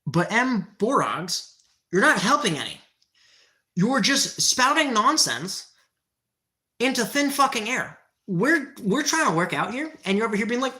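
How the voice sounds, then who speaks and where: A woman's voice: a little high, big pitch swings, a little slow, sharp tone. A woman livestreaming a workout, ranting heatedly and profanely at her chat, winded from exercise. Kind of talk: livestream chat while working out.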